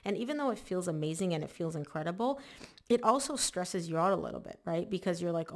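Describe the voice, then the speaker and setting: A woman with a lowish, gravelly voice talks through a tarot reading in a chatty, animated way. She speaks casually and with emphasis, often voicing the listener's inner worries as she goes. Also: fairly quick. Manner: chatty and emphatic, lots of "like" and "oh my gosh". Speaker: tarot reader.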